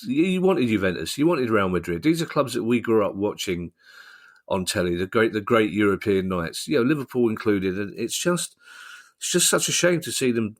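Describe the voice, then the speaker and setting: A deep-voiced man co-hosting a casual football podcast. He talks in a jokey, self-deprecating manner and trips over his words. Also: expressive, moderate pace. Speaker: podcast co-host.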